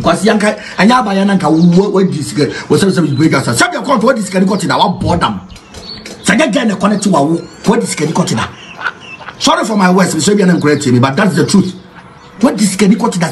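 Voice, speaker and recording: A man with a Ghanaian accent preaching a comic sermon, jumping between singing, mimicry and shouting. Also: sits high, sing-song, fast.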